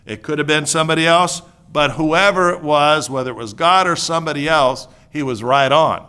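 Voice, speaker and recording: A male preacher delivers a sermon with a bright, slightly high voice. He talks casually and jokes with the congregation. He moves between hushed asides and loud outbursts. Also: normal speed, smooth.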